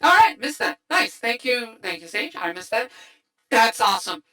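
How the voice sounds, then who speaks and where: Bright-voiced excitable woman streamer. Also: fairly high pitch, moderate pace, low-quality recording. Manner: excitable, rambling with many restarts. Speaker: streamer host. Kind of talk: casual livestream movie chat.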